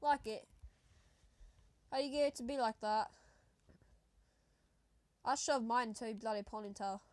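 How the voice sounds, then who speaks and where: A woman with a put-on British accent giving loud, excitable, slang-heavy commentary on a mobile game. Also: on the high side, measured pace, dry recording. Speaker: gaming YouTuber.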